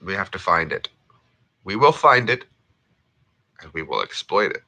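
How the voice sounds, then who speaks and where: A man chatting casually over gameplay, rambling and jokey. His speech jumps around a lot in pitch, and his voice sits fairly low but comes across bright and forceful. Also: sing-song, normal speed. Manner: rambling and jokey, playful repetitions. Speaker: gaming streamer. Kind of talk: casual chat while gaming.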